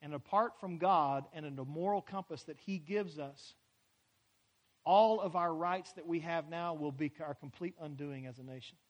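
A man preaching a sermon as a pastor, building emphatically to loud climaxes and having the congregation repeat phrases. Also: fairly high pitch, normal speed. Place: church sanctuary.

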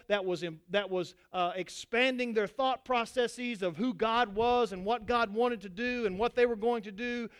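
A man preaching a sermon to his congregation as pastor, swinging between loud exhortation and quiet asides. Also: very high-pitched, clean tone.

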